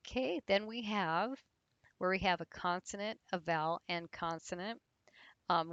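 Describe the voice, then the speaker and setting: Slow, patient woman teaching grammar. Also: fairly low pitch, fairly bright tone, dry recording, lo-fi sound. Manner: patient, slow, spelling words out with fillers. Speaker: English teacher. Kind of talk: grammar lesson explanation.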